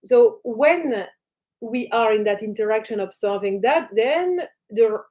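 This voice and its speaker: A woman spiritual teacher talking in her flat, her speech soft and flowing, with repeated phrases and many fillers. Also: a little high, unhurried, muffled recording. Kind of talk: casual teaching talk.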